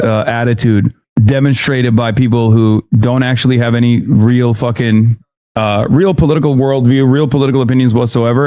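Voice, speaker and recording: A man's voice: medium pitch, steady tone, normal speed, warm tone. A man on a livestream, rambling through a sarcastic, profane take with many fillers. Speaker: political streamer. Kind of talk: livestream commentary.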